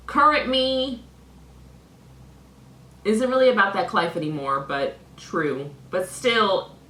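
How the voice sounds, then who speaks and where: A woman's voice: on the low side, sharp tone, roomy sound. A young woman vlogger reading out messages with sarcastic, mock-indignant commentary.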